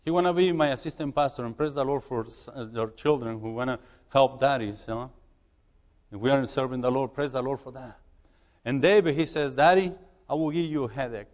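A man who is a missionary preaching in a church, halting and repeating words as he urges the congregation. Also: medium pitch, long reverb tail. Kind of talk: sermon.

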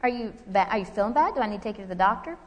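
A woman voicing her patient husband as he calmly coaxes her with questions, in a reverberant hall. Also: medium pitch, rapid-fire, natural voice. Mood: coaxing. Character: patient, gently coaxing husband.

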